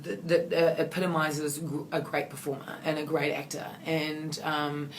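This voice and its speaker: Nz woman, 40s, lowish voice, rambly effusive actress answering fan qs, lots of ums. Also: level tone, moderate pace, a little hiss or hum. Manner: rambling, warm and effusive, many fillers and restarts. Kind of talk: casual Q&A.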